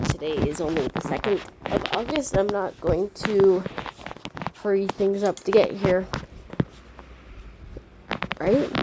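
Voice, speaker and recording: Slow, rambling middle-aged woman vlogger. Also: mid-range voice, noisy background. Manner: rambling, unhurried, warm toward viewers. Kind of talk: casual diary-style chat to viewers.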